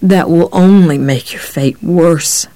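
Big sick cop, menacing and preachy, slow careful diction, dark brooding voice, dry close sound; a man reads him. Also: on the high side, clear, resonant tone, no room sound.

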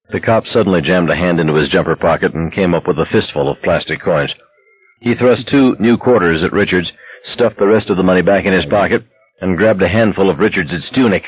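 Husky guy reading a novel aloud, dull lo-fi dry sound. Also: sits low, brisk. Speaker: audiobook narrator. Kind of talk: scripted narration.

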